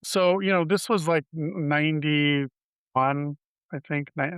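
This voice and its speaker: A man in his fifties telling his personal story as an interview guest. He speaks candidly and haltingly, often restarting his sentences. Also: on the high side, a bit bright, smooth, dry recording. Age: 50s.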